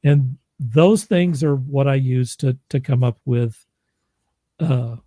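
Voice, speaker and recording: A man's voice: medium pitch, takes it slowly, dark tone, no echo. A man who narrates audiobooks, chatting casually in a rambling, self-deprecating way and laughing often. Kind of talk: casual chat.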